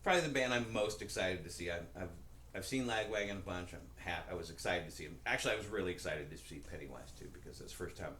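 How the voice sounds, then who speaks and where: A man co-hosting a podcast, telling a long, rambling story in a casual, profane, animated way. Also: low-pitched, fast talker. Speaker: podcast co-host. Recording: roomy echo with faint background noise.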